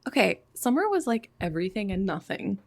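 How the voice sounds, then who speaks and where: A woman's voice: medium pitch, very animated, brisk. A woman co-hosting a podcast in casual chat, laid-back and rambling with lots of fillers. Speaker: podcast co-host.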